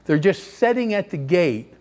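An older man preaching a sermon, telling stories with lively energy and sudden shouts. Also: high-pitched, normal speed. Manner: animated storytelling, acts out children's voices, bursts into shouts. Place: church sanctuary.

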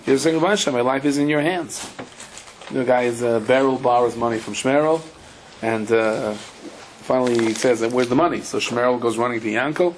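A man's voice: mid-range voice, moderate pace, slight background noise, poor audio. A male rabbi giving a chatty Torah lecture, telling stories with wry humor and many asides.

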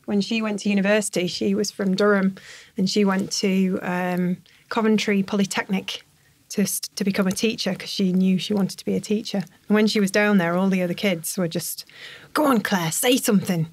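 A woman from the North of England hosts a podcast in easy chat, teasing and laughing often with her guest. Her voice sits at a middle pitch. The sound is dry and close to the mic. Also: little pitch movement, a little fast, no echo. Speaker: podcast host. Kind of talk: casual interview chat.

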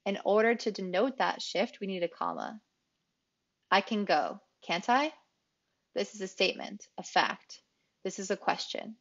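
A woman English teacher explaining grammar rules in a clear, explanatory way, repeating key phrases for emphasis. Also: mid-range voice, sing-song, moderate pace, muffled recording. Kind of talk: grammar lesson.

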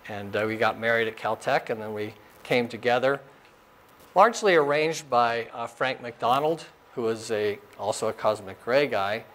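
An astrophysicist in his sixties from Arizona gives an informal lecture in a lecture room, telling stories from his career. His mid-pitched voice moves at normal speed, and his relaxed delivery is full of "uh," "you know," and the occasional chuckle.

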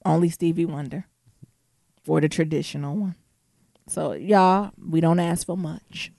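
A woman co-hosting a casual podcast chat, animated, laughing often and singing snatches of songs. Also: deep voice, measured pace, vocal fry, dry recording. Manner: animated, laughing, breaks into song. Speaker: podcast co-host.

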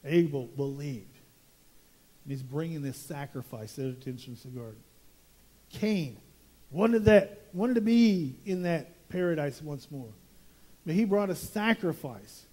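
A man's voice: fairly high pitch, expressive, a little slow, warm tone. A man preaching a verse-by-verse sermon as pastor, emphatic and prone to repeating words as he builds his point.

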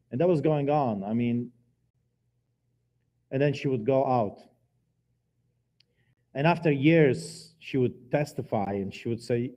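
A man preaching his personal testimony in a church, telling the story dramatically with emphatic swings in loudness. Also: mid-range voice, takes it slowly, pauses often. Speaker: guest preacher giving testimony. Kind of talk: testimony sermon.

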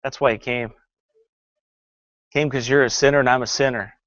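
A man's voice: mid-range voice, fairly even intonation, moderate pace, a bit bright, no echo, dull audio. A male pastor preaching a sermon that critiques a film, fervent and sarcastic by turns, often reading scripture aloud.

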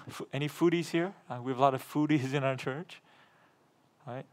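Middle-aged male pastor, preaching emphatically, repeats words, mid-range pitch. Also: fairly even intonation, moderate pace. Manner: emphatic, repeats phrases, asks the congregation rhetorical questions; gets louder and higher when reading scripture aloud. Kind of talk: sermon.

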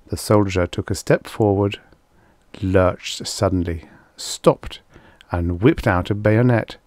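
A man narrating a vintage science fiction short story in a measured, steady way. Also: deep voice, no room sound, studio quality. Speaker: audiobook narrator.

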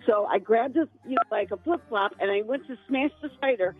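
A woman's voice: a little high, a little fast, breathy edge, faint music behind. A woman calling in to a radio show, telling a story in a matter-of-fact way. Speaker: caller. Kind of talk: casual storytelling on a call-in show. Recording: tinny phone line.

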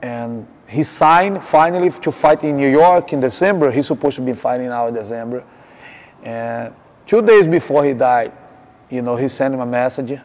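A man coaching fighters, speaking in halting, broken English in an interview. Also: medium pitch, a little mellow. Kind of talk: reflective interview. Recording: echoey room with long reverb.

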